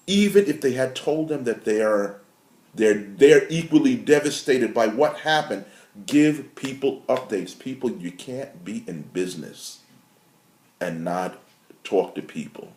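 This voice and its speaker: A man giving a casual, animated commentary as a marketing consultant, building to emphatic outrage. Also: on the low side, unhurried, reverberant. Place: his apartment.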